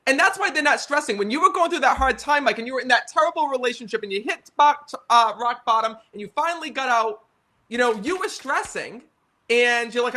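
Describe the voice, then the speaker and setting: An American man in his thirties tells stories with earnest, animated energy. His voice sits high and sounds bright and forceful. He keeps pulling the audience in with "right?" and "you know.". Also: fast. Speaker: psychic medium guest. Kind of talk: casual storytelling conversation.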